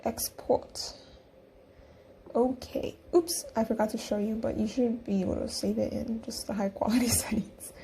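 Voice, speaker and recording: Young adult woman, chatty tutorial host; mellow, slightly gravelly tone, faint background hiss. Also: fairly high pitch, steady tone, normal speed. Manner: chatty, giggly, talks through each click. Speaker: design tutorial creator. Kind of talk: casual screen-recorded tutorial.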